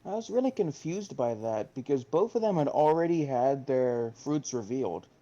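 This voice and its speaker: A man co-hosting a podcast in a relaxed way, hesitating as he recaps a comic. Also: medium pitch, moderate pace. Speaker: podcast co-host. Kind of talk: casual chat, recapping a comic. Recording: dull lo-fi sound.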